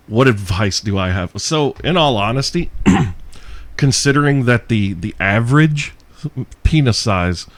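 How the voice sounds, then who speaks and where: A man's voice: mid-range voice, no echo. A man hosting a solo podcast, answering listener questions in a profane, sarcastic ranting manner. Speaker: podcast host.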